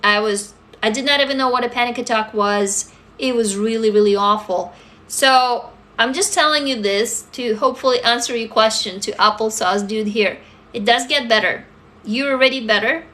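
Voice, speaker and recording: At a normal speed, a Russian woman with a fairly high, bright, forceful voice chats casually with her livestream audience. As host answering viewers, she's blunt, emphatic, and swears freely.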